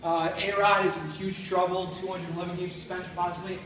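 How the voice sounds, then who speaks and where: A man with a Western New York accent works through a stand-up set, landing blunt, crude, self-deprecating punchlines. His voice sits high for a man. It comes from a distance in a very echoey room with faint background noise. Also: flat delivery, fast. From Buffalo, New York. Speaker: stand-up comedian. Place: comedy club stage.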